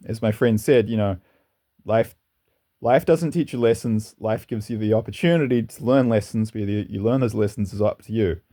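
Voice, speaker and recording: This channel host speaks at a moderate pace in a dark, somewhat low voice. His casual monologue of opinions wanders a lot, yet he means every word, and a few laughs slip in.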